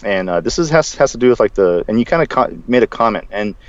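Fast-talking man in lo-fi casual chat. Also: on the low side, no echo. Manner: rambling, animated, with frequent restarts and "dude". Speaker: podcast co-host. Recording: dull, lo-fi sound.

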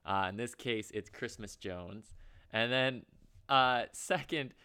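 A man's voice: mid-range voice, slow, pushed and bright, clear, resonant tone. A man co-hosting a casual podcast, chatty and rambling with frequent laughs. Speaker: podcast co-host. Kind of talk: casual chat.

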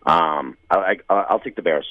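A man's voice: low-pitched, moderate pace, dry recording, muffled recording. A man co-hosting a sports podcast, chatting casually and rambling through game picks. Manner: rambling, lively, laughs often. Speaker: podcast co-host picking games.

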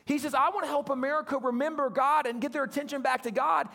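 Male guest pastor, animated storyteller, very high voice with a gravelly edge. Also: quick pace. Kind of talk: storytelling sermon.

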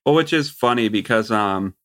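Laid-back, slightly low-voiced man. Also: expressive, moderate pace, fairly bright tone. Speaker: guest, host's brother. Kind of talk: casual chat.

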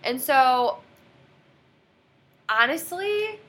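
Young woman, casual chat, lively swooping delivery, bright tone, acts out quotes. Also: high-pitched, drawn-out words. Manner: animated storytelling, quotes others dramatically. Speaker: guest telling a story.

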